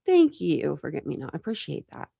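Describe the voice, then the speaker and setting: True crime host, young woman, slightly low voice, dry close sound, tired, rambling chat. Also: wildly swooping pitch, fairly quick, creaky, dark tone, breathy edge, dry recording. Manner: rambling, lots of fillers and restarts. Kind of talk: casual livestream chat with viewers.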